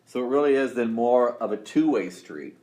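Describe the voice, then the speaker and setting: An animated man with a medium-pitched, dark-toned voice runs a college chemistry lecture at a moderate pace. Upbeat, he quizzes his students and restarts often, captured in a roomy classroom with faint noise.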